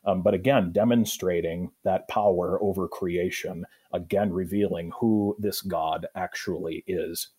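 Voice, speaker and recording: A male pastor leads a Bible study discussion, explaining the Greek behind a passage. His voice sits low and sounds somewhat husky. He thinks aloud, pausing with fillers and circling back mid-sentence. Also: fairly even intonation, warm tone. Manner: thoughtful, explanatory, pauses with fillers.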